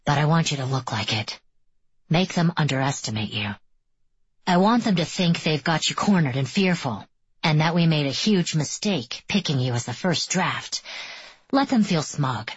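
A woman's voice: low-pitched, lively intonation, moderate pace, slightly rough, dry recording, lo-fi sound, exaggerated voice. A woman reading the part of a confident young male team captain in an audiobook, commanding and scheming. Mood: assured.

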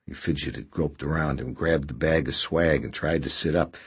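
A man reading a novel aloud as an audiobook narrator, in expressive storytelling. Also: extremely low pitch, normal speed, creaky, few pauses, slightly rough. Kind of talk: scripted narration.

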